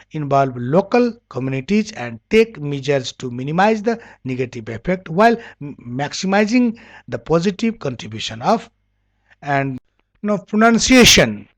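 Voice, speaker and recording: A teacher with a Nepali accent, a native Nepali speaker, giving an English lesson. The teacher spells words out letter by letter, repeats them over and over and often stops to correct a word. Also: medium pitch.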